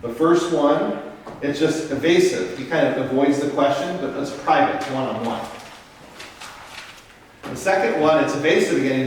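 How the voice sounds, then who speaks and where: A priest with a mid-range voice teaches Bible study in a parish meeting room, explaining step by step in a casual tone and often checking in with "Okay?". The sound is echoey and distant, carrying a little hiss or hum.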